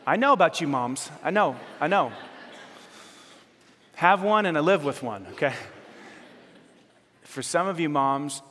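A male pastor preaching with passion, his voice swinging from loud urgent appeals to soft, hushed words, often repeating phrases as he speaks straight to the congregation. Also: on the high side, lively intonation, measured pace, long pauses, big-room sound. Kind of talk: sermon.

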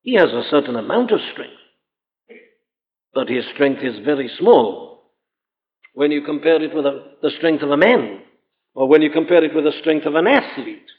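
Tinny old sermon recording, emphatic preacher. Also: male voice, on the high side, normal speed, long pauses. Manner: earnest, emphatic, rising to exclamations. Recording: tinny phone-like old hall recording with long reverb.

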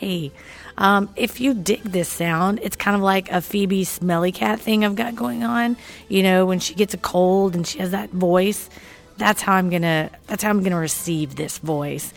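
A woman with a Texan accent hosting a podcast, chatting casually in a hoarse, croaky voice from a cold. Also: mid-range voice, moderate pace. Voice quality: froggy, croaky. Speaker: podcast host. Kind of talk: casual chat.

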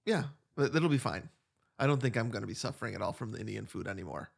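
A man's voice: on the low side, animated, fast talker, creaky, husky. A man in his forties co-hosting a podcast, easygoing and jokey as he recaps a visit. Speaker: podcast co-host. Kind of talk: casual chat.

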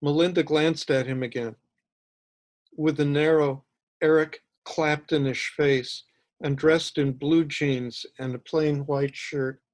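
Slow, measured male author reading. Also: a little high, fairly even intonation. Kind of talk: reading his own fiction aloud.

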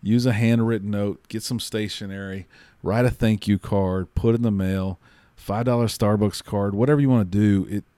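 Low mellow guy co-hosting a podcast, punchy pep-talk tips, dry close sound. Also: steady tone, normal speed, dry recording. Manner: punchy, motivational, repeats catchphrases. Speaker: podcast co-host. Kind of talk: casual podcast chat.

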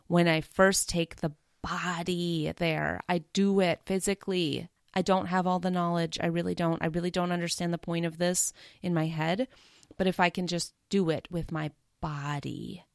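A woman hosting a solo podcast, talking in a casual, confessional way and speeding up into rapid strings of promises. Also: on the low side, vocal fry, no room sound, clean studio sound. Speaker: podcast host.

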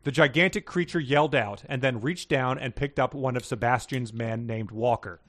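A man at an ordinary middle pitch co-hosts a podcast. He reads passages aloud in a casual, unpolished way, with small stumbles and chuckles. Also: normal speed, a bit bright. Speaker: podcast co-host reading listener submissions.

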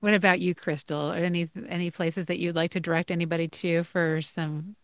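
A woman's voice: lowish voice, fairly even intonation, a little fast, dry recording. A woman hosting a podcast discussion, speaking in an earnest, urgent way. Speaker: podcast host. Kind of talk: casual discussion.

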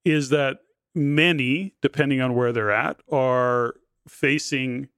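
A man in his sixties hosts a podcast conversation. He rambles warmly through stories, leaning on "you know" and "like", with an ordinary mid-range pitch. The sound is dry and close. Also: slow pace, clear, resonant tone, no room sound. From Canada. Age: 60s. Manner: animated storyteller, many fillers like "you know". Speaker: podcast host. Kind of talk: casual interview chat.

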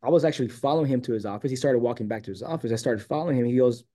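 A man's voice: medium pitch, very fast. A man from San Diego, a guest on an interview show, telling a long personal story in a casual way and acting out the quoted lines. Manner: animated, acts out quoted dialogue.

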